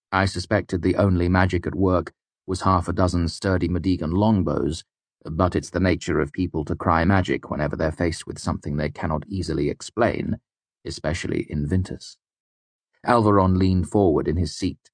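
A man reading an audiobook in first person, in a measured, even storytelling manner. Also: sits low, no echo. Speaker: audiobook narrator. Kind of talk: scripted first-person narration.

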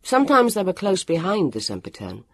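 A man reading a storybook aloud, with a lively, expressive delivery and acted voices. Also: sits high, fairly quick, no echo. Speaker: audiobook narrator. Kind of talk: storybook narration.

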